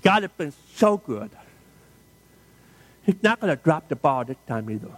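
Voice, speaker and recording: High-voiced man preaching a sermon. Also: sing-song, normal speed. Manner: emphatic, dramatic storytelling with repeated refrains. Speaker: pastor.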